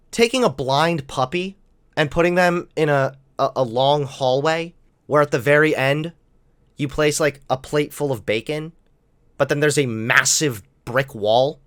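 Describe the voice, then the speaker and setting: A man's voice: a little high, a bit bright. A young man hosting a political commentary channel, ranting sarcastically with lots of swearing and mock outrage.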